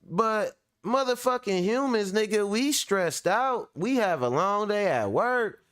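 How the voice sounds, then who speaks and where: A young man riffs through a reaction show in a loose, profane, joking way. His voice sits a bit high for a man and comes through smooth and resonant. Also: measured pace. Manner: profane, animated, laughing and joking. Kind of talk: casual reaction commentary.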